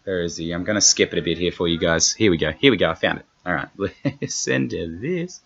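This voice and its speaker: A man's voice: low voice, animated, a little fast, gravelly, fairly bright tone, husky. An Australian man hosting a comedy podcast in a casual chat, rambling, profane and self-mocking. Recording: dull lo-fi podcast audio.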